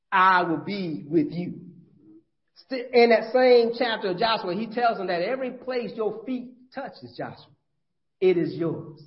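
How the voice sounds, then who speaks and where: A male pastor preaching a sermon in a conversational, folksy way, with frequent restarts. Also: high voice. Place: church. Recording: dull lo-fi church audio.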